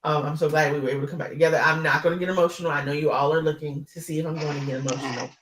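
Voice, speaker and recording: A woman's voice: low-pitched, steady tone, very fast, a little hiss or hum. A woman host closing the show, rambling through thanks with laughter. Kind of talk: show sign-off. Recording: echoey room.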